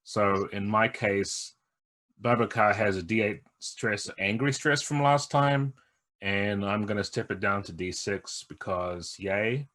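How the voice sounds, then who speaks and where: Low-voiced man explaining game rules. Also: measured pace, fairly bright tone. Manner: earnest, explanatory. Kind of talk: playing and explaining a tabletop game.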